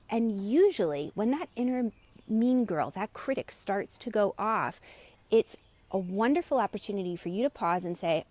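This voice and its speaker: A woman's voice: mid-range voice, animated, moderate pace, darkish tone, no room sound. A middle-aged woman, a meditation coach, talks to a live audience in an encouraging way and acts out the voices of people in her stories. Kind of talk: live-streamed guided meditation talk.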